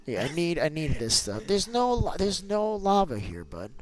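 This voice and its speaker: A man hosting a casual gameplay video, animated and teasing, who keeps calling his child "bud" and breaks into loud bursts of excitement. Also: fairly high pitch, moderate pace. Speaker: gaming channel host and father.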